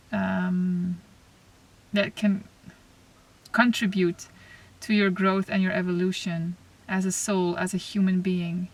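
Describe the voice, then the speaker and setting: A woman giving a spiritual oracle card reading to camera, talking softly and reflectively, with pauses and restarts. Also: mid-range voice. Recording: slightly distant mic, faint noise.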